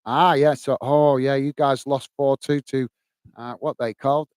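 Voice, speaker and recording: Chatty man with a smooth voice. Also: mid-range voice, fairly even intonation, unhurried, darkish tone, no room sound. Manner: chatty, addresses viewers as mate; reads out chat comments. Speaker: livestream host. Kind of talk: casual livestream chat.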